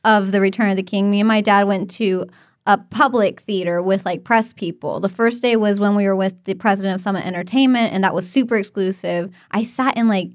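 A woman telling a long funny story in casual chat, animated and giggly. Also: mid-range voice, fairly quick, dry recording, clean studio sound.

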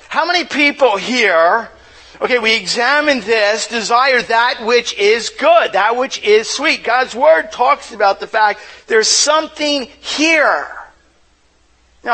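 A man's voice: very high voice, moderate pace, pushed and bright, poor audio. A pastor preaching a sermon in church, asking the congregation questions and often repeating words as he restarts. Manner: asks rhetorical questions to the audience.

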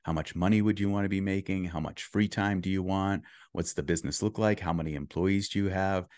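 A man's voice: deep voice, fairly even intonation, a little fast, a little mellow, no room sound, studio quality. A man as a podcast guest, talking through advice in an earnest coaching tone with frequent restarts. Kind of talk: casual interview chat.

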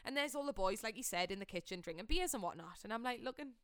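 A young woman telling a long story in casual chat, animated and giggly, swearing freely. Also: medium pitch, quick pace, clear, resonant tone, no room sound, studio quality.

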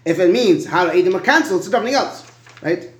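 A man teaching a Talmud study session, reasoning aloud in quick bursts and repeating words as he thinks, in an echoey room. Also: high voice, lively intonation. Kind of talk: animated Talmud study debate.

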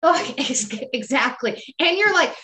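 A woman's voice: sits high, expressive, a little slow, bright, forceful tone. Blunt, ranting woman co-host. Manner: blunt, exasperated ranting with swearing. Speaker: podcast co-host. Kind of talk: casual chat.

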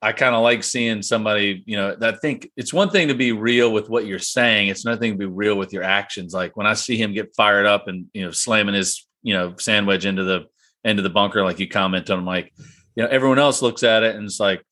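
A man's voice: on the low side, fairly quick, pushed and bright. A man in casual golf-talk chat, rambling with restarts and laughs. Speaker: golf podcast co-host.

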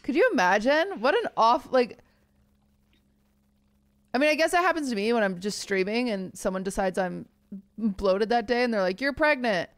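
A young woman chatting on a podcast, telling stories with lots of energy. Her voice is fairly high and lively, and she jumps up into a shrill register whenever she plays someone she is quoting. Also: normal speed, long pauses. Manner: animated storyteller, acts out quotes in high voices. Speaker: podcast co-host. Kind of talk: casual chat.

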